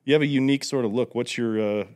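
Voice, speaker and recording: A young man hosting a casual chat, telling animated stories and slipping into put-on voices for quotes. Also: medium pitch, rapid-fire. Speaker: podcast host.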